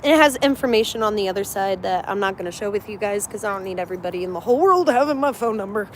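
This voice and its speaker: A woman's voice: mid-range voice, expressive, rapid-fire, a little hiss or hum. A young woman chatting casually on a livestream while walking her dog outdoors, slipping into baby talk with the dog. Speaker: livestream host. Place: outdoors, walking around a residential complex.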